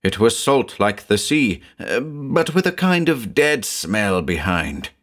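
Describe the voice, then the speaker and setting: A man voicing a frightened young village man who speaks slowly in a trembling, fearful voice. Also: lowish voice, very animated, a bit bright, full character voice.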